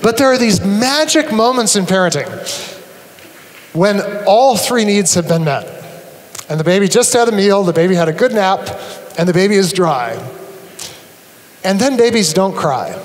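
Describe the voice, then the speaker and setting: High-voiced man speaking in a big hall. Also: unhurried, pauses often. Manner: animated and humorous, acts out examples. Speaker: conference speaker. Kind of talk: live conference talk to an audience. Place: large auditorium. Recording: long reverb of a large hall.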